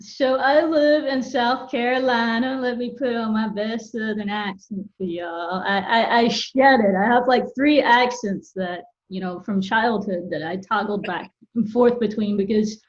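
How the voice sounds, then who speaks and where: A woman's voice: mid-range voice, unhurried, hardly any pauses, muffled recording. A woman from Florida, a university professor, talking in an articulate, easygoing way as a guest on a video-call podcast. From Florida, United States. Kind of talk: casual video-call interview.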